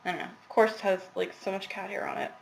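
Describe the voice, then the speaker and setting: A woman's voice: medium pitch, little pitch movement, fast, vocal fry. A young woman chatting casually to camera about her cross-stitch, rambling with laughing asides, recorded at home in a small apartment.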